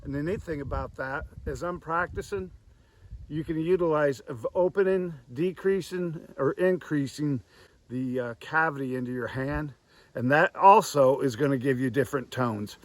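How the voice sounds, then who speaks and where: A man's voice: a little high, no echo. Dry, close goose-call instructor, man. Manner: demonstrative, drawn-out breathy vocal sounds. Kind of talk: hands-on tutorial. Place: outdoors next to woods.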